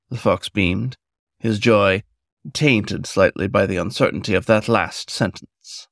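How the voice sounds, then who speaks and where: A man narrating a story in a measured, scripted storytelling manner. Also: lowish voice, a bit bright, no echo, studio quality.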